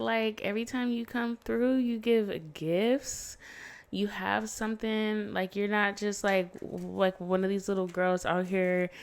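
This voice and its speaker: A woman giving a casual tarot reading, chatty and blunt, swearing freely and laughing often. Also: mid-range voice. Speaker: tarot reader. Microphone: phone.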